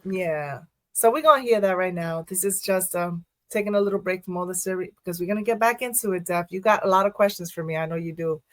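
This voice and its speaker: A woman in a casual interview, a first responder and poet who tells her stories with quick asides and frequent laughter. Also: fairly low pitch, fairly bright tone, dry recording. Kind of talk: casual podcast interview talk.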